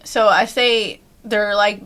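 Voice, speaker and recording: A woman of middle pitch talks candidly as an interview guest. Her manner is blunt and unfiltered, with easy laughter breaking in between thoughts. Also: fairly even intonation, slow, a bit bright, clean tone. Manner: blunt, frank, laughs easily. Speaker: podcast guest.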